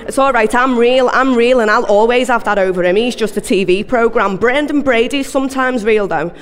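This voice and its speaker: A woman's voice: fairly high pitch, brisk, clear, resonant tone. A woman performing spoken word live, a rambling, anxious, repetitive monologue. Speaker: poet. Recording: long hall reverb.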